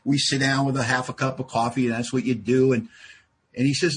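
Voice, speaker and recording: A man giving a humorous share at a recovery meeting, an animated storyteller who acts out dialogue. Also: medium pitch, a little fast, slightly rough. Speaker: AA speaker.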